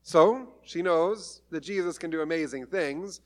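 Man, preacher, slightly high-pitched, conversational, storytelling, lightly humorous. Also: unhurried. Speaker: pastor. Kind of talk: sermon.

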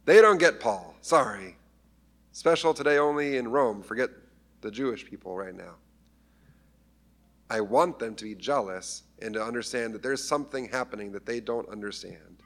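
A man's voice: medium pitch, moderate pace, a bit bright. A man preaching a conversational sermon, acting out scripture voices with humor. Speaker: pastor.

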